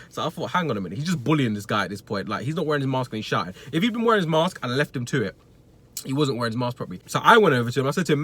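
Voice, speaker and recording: A young man telling a blunt, swearing rant about a customer at work, acting out the argument in a lively way. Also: mid-range voice. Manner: blunt, swearing, animated storytelling. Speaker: retail worker vlogger. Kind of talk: casual ranting story.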